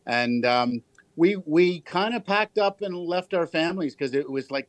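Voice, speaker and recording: A man's voice: on the high side, lively intonation, no echo. Middle-aged ontario guy, musician guest rambling through old stories, dry close sound. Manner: chatty, fast storytelling with restarts. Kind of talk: interview.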